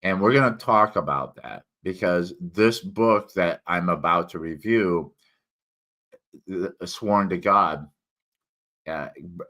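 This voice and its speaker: Low American male host, bright tone, rambling solo-stream chatter, slightly impaired enunciation. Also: slow pace, pauses often. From United States. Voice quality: slightly impaired enunciation after tongue cancer. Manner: digressive, many fillers and restarts. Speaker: independent author and solo livestream host. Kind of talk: rambling solo livestream chat.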